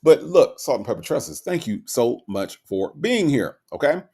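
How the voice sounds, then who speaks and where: A man's voice: medium pitch, sing-song, normal speed, darkish tone, husky. A man with a Gulf Coast accent hosting a livestream, chatting casually and playfully greeting viewers, often repeating his phrases. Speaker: livestream host.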